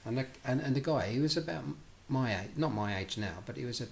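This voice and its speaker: A man's voice: medium pitch, quick pace, creaky. A middle-aged man tells a personal story, acting out the dialogue with lots of restarts. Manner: animated, acts out both sides of dialogues, lots of restarts. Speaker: speaker telling his life story.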